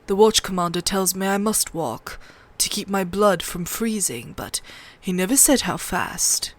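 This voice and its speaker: A woman reading a wry, sharp-tongued lord. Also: mid-range voice, measured pace, natural voice. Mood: dry.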